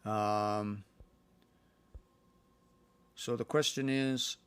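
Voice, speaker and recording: A man, teaching language in a relaxed, hesitant way with many fillers on a livestream. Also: fairly low pitch, drawn-out words, clean tone, no echo.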